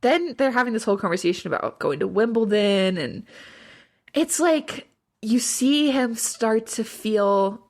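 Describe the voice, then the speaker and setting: A woman co-hosting a podcast, talking in an animated, rambling way full of fillers. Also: fairly high pitch, measured pace. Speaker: podcast co-host. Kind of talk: casual chat recapping a TV episode.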